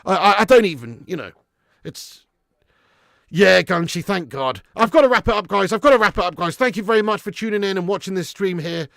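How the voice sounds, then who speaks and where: A man hosting a live stream, signing off with rapid viewer shout-outs, sweary and exasperated. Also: sits high, lively intonation, gravelly, no echo, clean studio sound. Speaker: host. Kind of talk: live stream sign-off chat.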